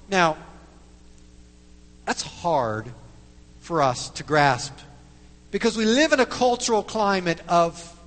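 A man's voice: sits high, a bit bright, in a large hall. A man preaching a sermon as pastor, emphatic, with repeated tag questions to the congregation.

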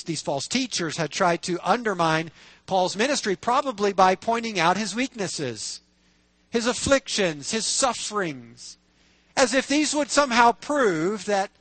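A man's voice: high-pitched, animated, measured pace, a bit bright, no echo. A man as pastor reading scripture, praying and preaching in an earnest, conversational way with rhetorical questions. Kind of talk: sermon.

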